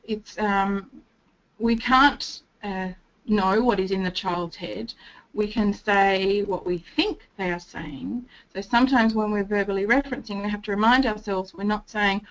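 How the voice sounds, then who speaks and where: A woman presenting a training talk, explaining steadily and acting out gentle sing-song phrases as if to a child. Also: mid-range voice, measured pace. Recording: dull lo-fi recording.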